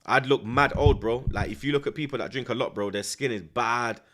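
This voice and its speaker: Speaking at a fairly quick clip with a medium-pitched voice, a young male streamer reacts live to a football match. He's animated and casual, using street slang and lots of tag questions.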